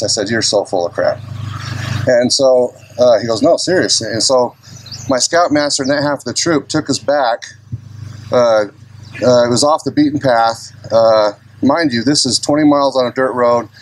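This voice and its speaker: A man telling a personal story at an open mic in a casual, rambling way, clearing his throat often and jumping ahead of himself. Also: medium pitch, a little hiss or hum, poor audio. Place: outdoor gathering open mic.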